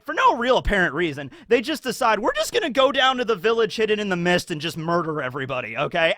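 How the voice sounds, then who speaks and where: A man hosting his channel, giving a casual, excitable anime commentary and tagging his sentences with "okay?". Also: sits high, no room sound. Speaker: YouTube host.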